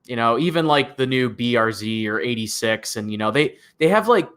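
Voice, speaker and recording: A man with a bright, forceful voice co-hosts a live car news chat. He rambles and piles up fillers as he works toward his point. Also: mid-range voice, animated, a little fast, clear, resonant tone. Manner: rambling, heavy on filler words like "like" and "you know". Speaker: co-host of a car news show. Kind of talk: casual live-stream chat.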